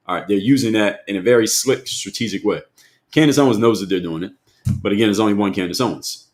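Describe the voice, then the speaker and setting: A man's voice: lowish voice, brisk. A man hosting a live stream, talking straight to his chat in an emphatic way, repeating his points and asking viewers questions.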